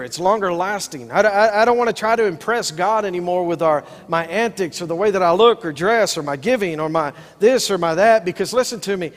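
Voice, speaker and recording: A middle-aged man preaching a sermon from the pulpit, his voice sitting high for a man. He drives his points with repeated call-outs to the congregation. The sound carries a long hall reverb. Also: fairly quick, hardly any pauses, faint music behind. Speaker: pastor. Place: church sanctuary with congregation.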